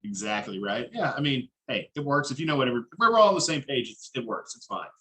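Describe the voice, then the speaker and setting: Bright-voiced laid-back podcast host man. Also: mid-range voice, lively intonation, fast, low-quality recording. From Dallas, Texas. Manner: laid-back, chatty, casual swearing. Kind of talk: casual interview chat.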